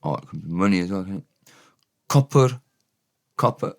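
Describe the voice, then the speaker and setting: A man giving a relaxed, off-the-cuff vocabulary lesson, repeating each word for learners. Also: low voice, moderate pace. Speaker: Welsh language teacher.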